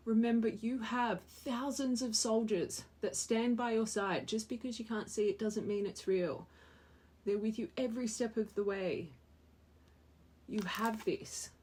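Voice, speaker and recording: A woman's voice: fairly high pitch, moderate pace, warm tone, husky. A young woman giving a spiritual tarot reading to her viewers, earnest and emotional, often repeating phrases for emphasis. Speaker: tarot reader.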